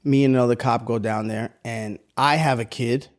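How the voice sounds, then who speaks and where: A man's voice: medium pitch, fairly even intonation, normal speed. A man in his thirties co-hosting a podcast, telling a story in casual chat, acting out voices and swearing freely. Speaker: podcast co-host.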